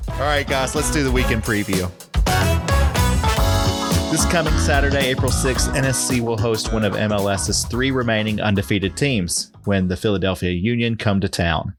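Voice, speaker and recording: A man's voice: fairly low pitch, moderate pace, music in the background. A man hosting a casual podcast, upbeat, steering the talk and laughing often. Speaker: podcast host. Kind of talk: casual chat with scripted previews.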